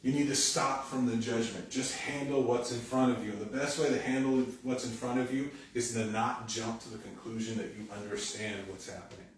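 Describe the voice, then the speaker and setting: A man's voice: mid-range voice, a little fast, hardly any pauses, far from the mic, slight background noise. A man preaching a conversational sermon as a pastor, often acting out the quoted lines of other people. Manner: conversational, animated, acts out quoted dialogue. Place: church sanctuary. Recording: echoey church hall, speaker away from mic.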